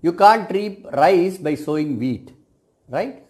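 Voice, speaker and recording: A man, a cosmetic science lecturer giving a reflective video talk to his students, speaking in measured phrases that often end with "right?". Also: on the high side, lively intonation, darkish tone.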